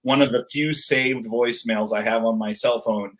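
A man's voice: medium pitch, steady tone, normal speed, fairly bright tone, low-quality recording. A man hosting a casual chat, rambling with many fillers.

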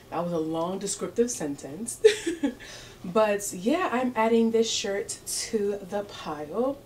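A woman's voice: medium pitch, animated, slow pace, darkish tone, a little hiss or hum. A young woman hosting a casual clothing try-on haul, sassy and playful, laughing often as she talks to her viewers. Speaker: fashion vlogger.

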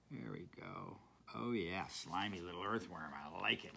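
Man, gravelly low voice, art teacher, chatty, playful, talks while drawing. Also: moderate pace, hardly any pauses, pushed and bright, a little hiss or hum. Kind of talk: casual drawing tutorial.

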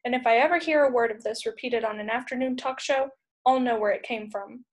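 A woman voicing a gruff, short-tempered male fairy police commander in a storybook read-aloud, blunt and sarcastic. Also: fairly high pitch, brisk, lightly acted. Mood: angry.

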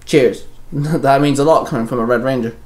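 A man's voice: mid-range voice, moderate pace, darkish tone, lightly acted. Determined team leader, voiced by a man. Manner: firm, growling, commanding. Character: determined young male team leader, tough.

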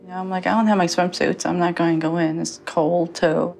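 A young woman telling her own story in a halting way, full of fillers and restarts. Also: on the low side, little pitch movement, gravelly, a little mellow, slight background noise. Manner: halting, many fillers and restarts, quotes others. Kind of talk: personal testimony.

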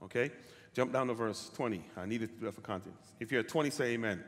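A man preaching a sermon as pastor, often checking in with the congregation and rising from quiet talk to shouted calls. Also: mid-range voice, quick pace. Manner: asks the congregation questions. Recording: hall reverb.

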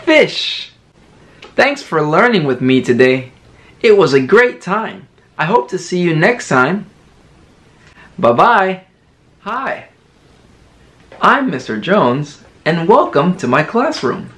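A man teaching toddlers their first words, modelling each word slowly and with exaggerated sing-song emphasis. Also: fairly high pitch, big pitch swings, a bit bright. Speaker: children's teacher. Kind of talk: slow toddler lesson.

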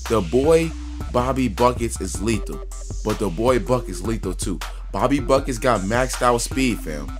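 Man, gaming YouTuber, casual gameplay commentary, slangy, excitable, mid-range voice, faint music behind. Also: medium pitch, unhurried. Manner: slangy, loose and excitable, talking to viewers.

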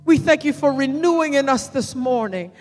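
A woman pastor leading a fervent sermon and altar call, shouting prayers and pleading with the congregation. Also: high-pitched, lively intonation, normal speed, in a large hall, soft background music. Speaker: senior pastor.

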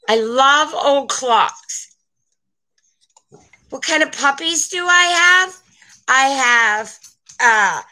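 Sex: woman. Role: vintage seller on a live stream. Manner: chatty, rambling, slow. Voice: bright, a little high. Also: poor audio. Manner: chatty, rambling, warm toward her viewers. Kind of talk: live-stream sales chat. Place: at home, indoors.

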